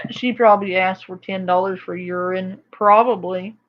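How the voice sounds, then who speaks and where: A woman's voice: mid-range voice, steady tone, normal speed, dull audio. A woman hosting a reaction video, commenting casually with sarcasm. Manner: sarcastic, laughing.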